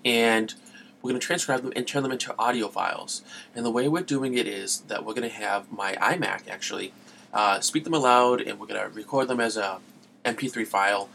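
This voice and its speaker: A man's voice: lowish voice, fairly quick, creaky, a bit bright, a little hiss or hum. A man hosting a gaming podcast in a casual, rambling way who gets sidetracked and laughs at himself. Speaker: podcast host.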